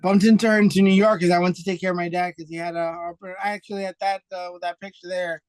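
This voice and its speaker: Excitable high-voiced man telling stories. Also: smooth, dry recording. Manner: animated storyteller, acts out quoted voices; quick and excitable, restarts often. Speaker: podcast guest, foundation founder. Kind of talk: casual interview chat.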